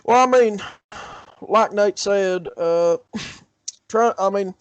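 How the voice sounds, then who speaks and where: A man's voice: sits high, slow, clear, resonant tone, no echo. A man co-hosting a podcast, chatting casually about politics in a rambling, hesitant way with frequent laughs. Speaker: podcast co-host. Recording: dry, dull lo-fi sound.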